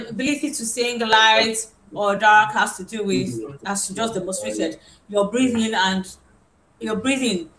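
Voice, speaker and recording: A woman's voice: medium pitch, fairly bright tone. A woman, a host and vocal coach who explains singing technique earnestly. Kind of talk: interview discussion. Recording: roomy echo, faint background noise.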